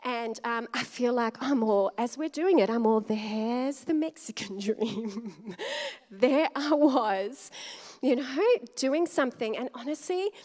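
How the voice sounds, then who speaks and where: A woman's voice: a little high, darkish tone. A woman pastor from Australia giving a conversational sermon, telling stories with frequent laughs and acted-out dialogue. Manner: chatty, laughs often, acts out quoted dialogue. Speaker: co-lead pastor. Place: church hall. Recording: long hall reverb.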